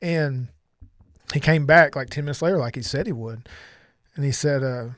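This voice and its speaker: A man's voice: mid-range voice, normal speed, a bit bright, dry recording, clean studio sound. A middle-aged man earnestly telling a personal story on a podcast, rambling and often restarting his sentences. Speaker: podcast guest sharing testimony.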